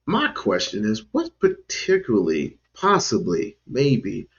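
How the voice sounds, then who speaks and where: A man talks slowly on his own channel, his voice gravelly and fried at the edges. He rambles in a loose, casual commentary, jumping up and down in pitch. The audio is dull and lo-fi. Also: expressive, a little mellow. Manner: rambling, with sudden pitch jumps. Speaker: channel host.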